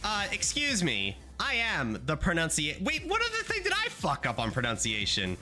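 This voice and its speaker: A young male streamer with a bright, forceful voice that swoops all over as he chats to his viewers. He rambles through playful rants and swears freely, and faint game music plays behind him. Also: high voice, huge pitch swings, normal speed. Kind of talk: casual gaming livestream chat.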